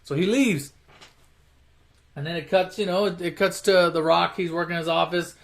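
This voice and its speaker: A high-voiced young man tells an action movie's plot like a campfire story, swearing constantly and rambling through half-finished sentences. He slips into mocking voices for the characters and gets louder when something strikes him as ridiculous. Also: steady tone, normal speed, gravelly. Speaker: storyteller retelling movie plots. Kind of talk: casual profane movie recap.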